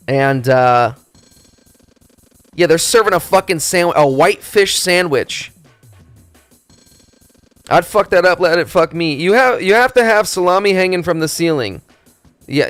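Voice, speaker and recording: A man streaming, chatting casually in a rambling, profane, animated storytelling way. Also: a little high, clear, resonant tone, no room sound.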